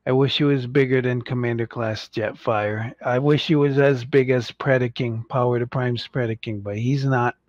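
A man hosting a casual toy-collecting livestream, rambling and joking, and mocking impatient fans in squeaky put-on voices. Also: fairly even intonation, normal speed, few pauses, no echo, lo-fi sound. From United States.

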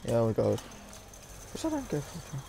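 A man's voice: medium pitch, huge pitch swings, moderate pace, creaky, dark tone, a little hiss or hum. A man giving wry, sarcastic commentary while playing a video game. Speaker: gameplay commentator. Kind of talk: casual gameplay commentary.

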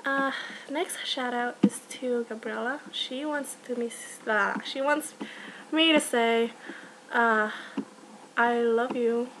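A young woman giving rambling, giggly shout-outs in a casual vlog, full of fillers. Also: on the high side, takes it slowly, a little hiss or hum, low-quality recording. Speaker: vlogger.

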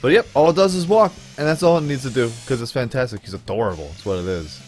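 Man, let's play host, goofy, chuckly, mid-pitched voice, soft music behind. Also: expressive, fast talker. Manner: playful and goofy, chuckling often. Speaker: gameplay video host. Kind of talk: casual let's play commentary.

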